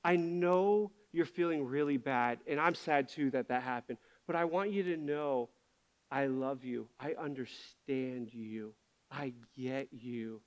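A man's voice: very high-pitched, voice pushed up. A man voicing a tender fatherly God. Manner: soft, slow and gentle.

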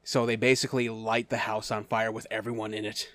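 A man's voice: fairly low pitch, level tone, fairly quick, a bit bright, no room sound. A man co-hosting a podcast in casual chat, stammering and laughing often. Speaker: podcast co-host.

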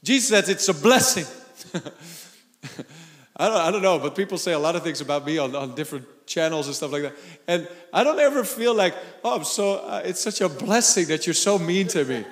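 A pastor preaching a sermon, animated, laughing and shouting for emphasis. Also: male voice, a little high, fairly quick, big-room sound.

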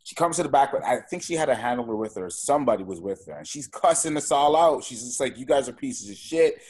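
Husky man talking bluntly. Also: medium pitch, expressive, fast talker, darkish tone. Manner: emphatic, blunt, heavy swearing. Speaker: podcast guest, wrestler. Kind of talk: casual podcast chat.

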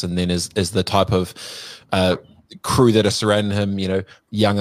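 A man's voice: sits low, dry recording. A young man, co-hosting a podcast and brainstorming loosely while steering the talk back on track. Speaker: podcast co-host. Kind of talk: casual chat.

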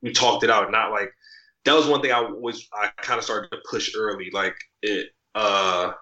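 A man's voice: fairly low pitch, steady tone, normal speed, pushed and bright, roomy sound, highs cut off. A man talking as a podcast guest in casual conversation, loose and rambling with many fillers and restarts. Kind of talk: casual interview chat.

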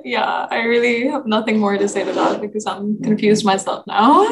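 A woman's voice: mid-range voice, steady tone, normal speed, noisy background. Chatty young woman, hesitant. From Pakistan. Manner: chatty, hesitant, many fillers and restarts. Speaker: discussion participant. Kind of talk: casual group discussion.

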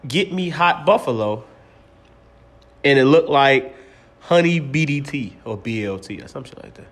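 A man's voice: mid-range voice, animated, a little slow, a bit bright. A man co-hosting a podcast in casual chat, joking, slangy and laughing often. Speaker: podcast co-host.

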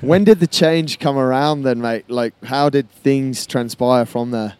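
A man hosts a casual interview with an encouraging, chatty manner and a mid-pitched voice. His voice is recorded dry and close, with no room sound. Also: darkish tone, smooth, no room sound. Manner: encouraging, calls people mate, quick to chip in. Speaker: podcast host, coach.

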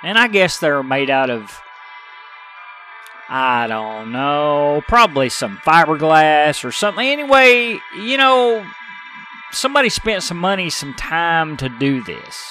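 A man's voice: on the high side, sing-song, measured pace, sharp tone, soft background music. A middle-aged man hosting a podcast, ranting in an exasperated, profane way. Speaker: podcast host. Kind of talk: casual ranting podcast talk.

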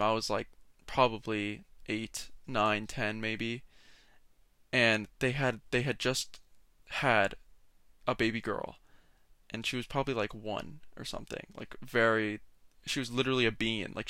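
A man's voice: on the low side, steady tone, a little slow, sharp tone, clean tone, no echo, clean studio sound. A young man hosting a solo podcast, rambling and sarcastic, often interrupting himself. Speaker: podcast host. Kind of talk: casual solo podcast rant.

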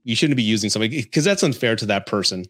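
A man's voice: fairly low pitch, lively intonation, racing, fairly bright tone, dry recording, faint music behind. A man from San Antonio hosting a podcast, telling dating stories and giving advice in a casual way, chuckling often as he talks. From San Antonio, Texas, US. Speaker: podcast host.

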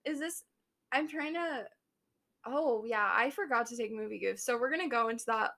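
A woman's voice: a little high, normal speed, fairly bright tone. A young woman co-hosting a podcast, chatting casually and rambling with lots of restarts and giggles. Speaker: podcast co-host. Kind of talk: casual chat.

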